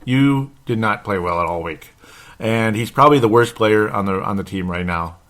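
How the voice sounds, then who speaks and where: A man runs a casual sports commentary podcast, his talk meandering and blunt, sprinkled with light swearing and regular chuckles. His fairly bright voice sits on the low side, at a moderate pace.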